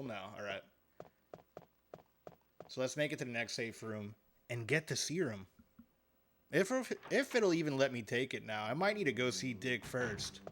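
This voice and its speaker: A man's voice: medium pitch, fairly bright tone, a little hiss or hum. A man giving live gameplay commentary as a streamer, joking and chatting with his viewers while he plays.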